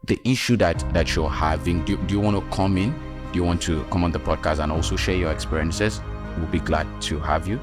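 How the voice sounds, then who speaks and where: A man with a Nigerian accent hosting a health podcast as a nurse, talking emphatically with teasing asides. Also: deep voice.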